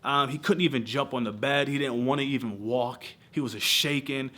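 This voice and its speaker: A young man in his twenties telling his news in a casual vlog, animated and emotional, peppering his talk with slang. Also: medium pitch, normal speed, a little hiss or hum. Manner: animated, emotional storytelling with slang like bro and y'all. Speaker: vlogger. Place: lives in Southern California.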